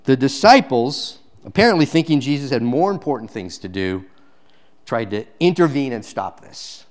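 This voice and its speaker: A man's voice: mid-range voice, big pitch swings, normal speed. Man preaching with dynamic emphasis. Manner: dynamic preaching, swings from loud emphasis to quiet intensity. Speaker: pastor. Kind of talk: sermon.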